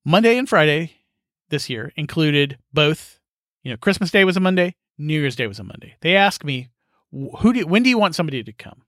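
A man's voice: fairly high pitch, big pitch swings, brisk, fairly bright tone, no room sound, clean studio sound. A middle-aged man hosting a solo podcast, talking frankly and with exasperation, swearing freely, often sighing and laughing. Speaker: podcast host. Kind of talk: casual solo monologue.

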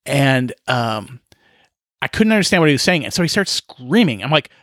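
A man's voice: medium pitch, big pitch swings, normal speed, a bit bright, no room sound, clean studio sound. A man in his fifties hosting a solo podcast, telling exasperated, profane stories with frequent laughs and sighs. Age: 50s. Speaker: podcast host. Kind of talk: casual solo podcast monologue.

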